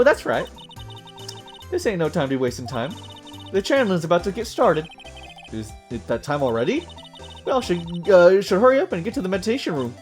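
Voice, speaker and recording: Man doing a loud Southern gal shutterbug, high and bouncy. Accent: Southern US (put on). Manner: loud, folksy drawl, excited. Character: brash loud young countrywoman photographer. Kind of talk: reading game dialogue aloud on stream.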